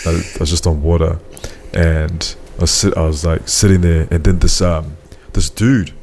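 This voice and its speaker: Kiwi guy on a podcast, low voice, rambly storyteller, bit of background hum. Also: steady tone, moderate pace, a little mellow. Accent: New Zealand. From New Zealand. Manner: storytelling, lots of "bro" and "um". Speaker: podcast host. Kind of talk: casual chat.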